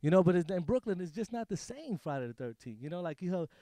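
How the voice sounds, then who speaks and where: A young man works through a stand-up set, his voice sitting high for a man. He talks in a loose, rambling, jokey way. The sound is close and dry, with little room around it. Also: big pitch swings, quick pace, mellow, no room sound. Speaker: stand-up comedian. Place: small comedy studio stage.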